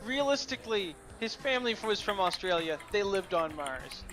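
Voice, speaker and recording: A laid-back man chats through his character at a game table, voice slightly higher than average. He is easygoing and quick to laugh. Clear music plays in the background. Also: expressive, a bit bright. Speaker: player. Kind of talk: casual chat at a game table.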